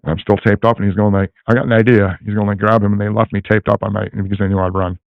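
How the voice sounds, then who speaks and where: A man's voice: lowish voice, level tone, fast talker, creaky, dry recording. An older man rambling through a long personal story, full of fillers and restarts, over a tinny line. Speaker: guest telling a personal story. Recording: tinny phone-like line, dry.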